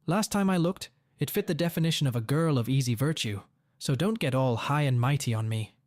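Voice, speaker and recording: A man's voice: medium pitch, a little fast, darkish tone, dry recording, clean studio sound, close to an everyday voice. A man voicing a blunt, confrontational middle-aged father in a story reading. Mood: angry.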